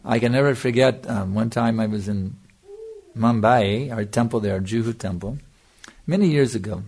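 An older man with a gravelly, fry-edged voice delivers a devotional lecture. He teaches earnestly, circling back to his points and checking in with his listeners. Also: lowish voice, moderate pace, darkish tone. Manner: earnest, repeats "you see", answers questions. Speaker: spiritual teacher.

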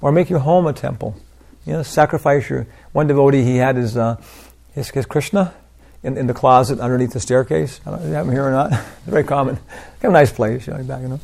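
Gravelly older man telling devotional stories. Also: medium pitch, quick pace. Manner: rambling storytelling with frequent "you know" and soft laughs. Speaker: preacher. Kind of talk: informal devotional talk with anecdotes.

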